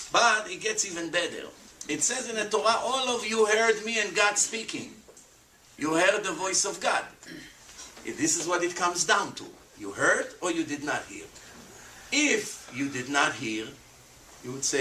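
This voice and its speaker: A man's voice: high-pitched, sharp tone, recorded from a distance. A man streaming, explaining religious teaching with emphatic rhetorical questions and non-native English phrasing. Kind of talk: animated religious explanation to a chat. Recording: echoey room, off-mic, faint noise.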